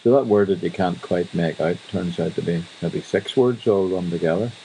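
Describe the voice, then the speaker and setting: A man's voice: deep voice, moderate pace, vocal fry, mellow, slight background noise, low-quality recording. A Northern Irish man hosting a radio show, chatting wryly in a casual monologue. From Northern Ireland. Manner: chatty, wry storytelling. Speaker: radio host.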